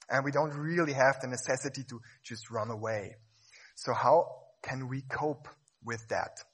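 Husky, playful man giving a stage talk. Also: a little high. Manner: lively, playful, acts out examples. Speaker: speaker.

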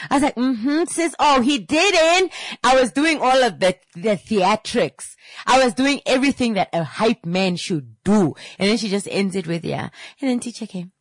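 A woman in her thirties teaches in a casual, chatty way. Her voice sits low and a little husky, recorded dry and close. She acts out the voices in her stories and mixes in slangy asides. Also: no room sound. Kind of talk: casual lesson with anecdotes.

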